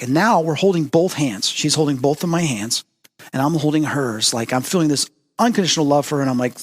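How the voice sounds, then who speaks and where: A man's voice: brisk, in a large hall. A man hosting a spiritual talk show, telling a personal story and acting out the dialogue with big jumps in voice. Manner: animated storytelling, acts out quoted dialogue with big pitch jumps. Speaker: host. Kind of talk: storytelling monologue.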